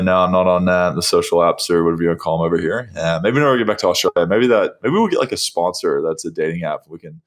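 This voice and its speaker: A young American man hosting a podcast in easygoing casual chat, drawing out his words and laughing. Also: low-pitched. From United States. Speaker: podcast host.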